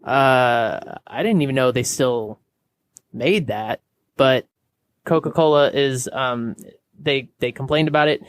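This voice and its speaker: A man's voice: mid-range voice, slow, smooth. A man co-hosting a podcast, chatting casually and jokingly with many fillers. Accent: American. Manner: jokey, hesitant with many fillers. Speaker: podcast co-host. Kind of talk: casual chat.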